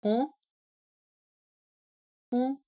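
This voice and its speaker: Speaking very slowly in a dark-toned voice, a young woman streamer chats casually on a live stream. She rambles and apologizes, using lots of filler words.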